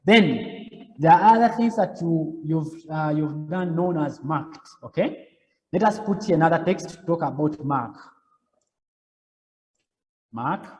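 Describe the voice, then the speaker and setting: A man teaching web design, walking through each step slowly and repeating himself, often checking in with "okay?". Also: fairly high pitch, animated, warm tone, long reverb tail. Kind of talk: live coding lecture.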